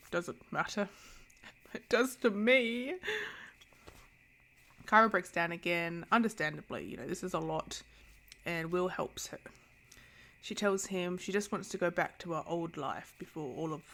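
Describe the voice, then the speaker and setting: A woman talks through a novel in a casual review vlog, blunt and sarcastic, with animated asides. Her voice is low-pitched and gravelly with steady vocal fry. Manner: candid, sarcastic, animated commentary. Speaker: book reviewer.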